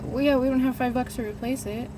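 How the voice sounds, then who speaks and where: A chatty woman films a casual vlog at home, her voice sitting a touch high. She coos at her dogs between remarks, and a clear hiss of home noise runs under everything. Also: steady tone, fast talker. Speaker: vlogger, animal rescuer. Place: home kitchen. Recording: noisy home recording.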